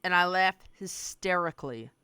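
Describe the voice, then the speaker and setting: Young woman streamer, candid storyteller with a dark sense of humor and a dry, close sound. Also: lowish voice, lively intonation, normal speed, clear, resonant tone, no room sound. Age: 20s. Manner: candid, darkly funny, swears freely. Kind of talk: casual storytelling.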